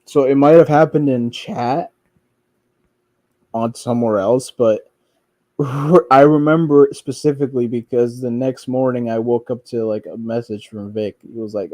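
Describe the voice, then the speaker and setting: A man's voice: mid-range voice, steady tone, normal speed, darkish tone, no echo. A man commenting casually on online drama, rambling and swearing, with many restarts and fillers. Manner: mocks others by quoting them in a whiny voice.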